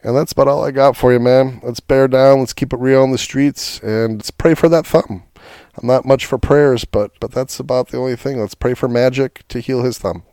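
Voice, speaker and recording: A man's voice: mid-range voice, fairly even intonation, normal speed, dark tone, smooth, no room sound. Profane ranting man, dry sound. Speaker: podcast host. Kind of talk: casual sports rant.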